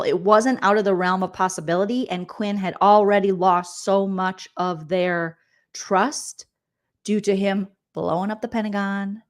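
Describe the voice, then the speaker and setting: A woman is hosting a live-stream recap of a reality show. Her voice sits at a middle pitch, and her delivery is sassy and jokey as she talks straight to her viewers. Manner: sassy, joking, acts out quoted people. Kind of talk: casual live-stream chat.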